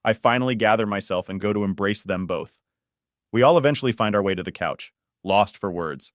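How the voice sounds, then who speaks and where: A man tells a first-person story in a low, deep voice. His reading is steady and measured, like scripted narration. The sound is close and dry, with no room around it. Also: no room sound.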